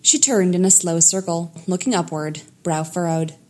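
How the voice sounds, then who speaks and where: A woman narrating a fan fiction story in a lively storytelling manner. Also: fairly low pitch, moderate pace.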